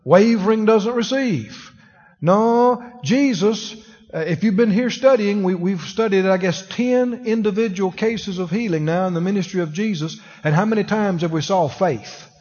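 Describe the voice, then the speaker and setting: A man's voice: high-pitched, normal speed, darkish tone. A man preaching a conversational sermon, asking the congregation questions as he teaches. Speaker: pastor. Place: church sanctuary. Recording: dull lo-fi recording in a long-reverb hall.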